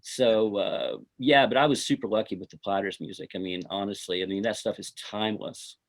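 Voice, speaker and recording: A man's voice: on the low side, steady tone, fairly quick. A middle-aged man, a filmmaker being interviewed, telling stories from his film shoot in a rambling way full of "you know" and "uh". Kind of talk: casual interview storytelling.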